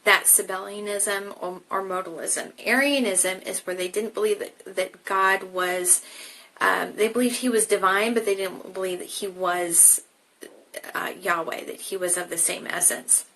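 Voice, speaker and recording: Bright-voiced woman teaching Bible study. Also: medium pitch, fairly even intonation, unhurried, a little hiss or hum, low-quality recording. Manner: explains casually, then reads passages aloud with restarts. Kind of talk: live-streamed Bible study.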